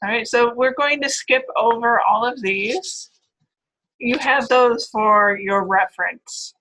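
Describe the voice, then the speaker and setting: A woman lectures on phonetics in a bright, clear voice. She explains patiently, often pausing to check in with her class before moving on. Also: a little high, poor audio. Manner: explanatory, with frequent "right?" and "all right".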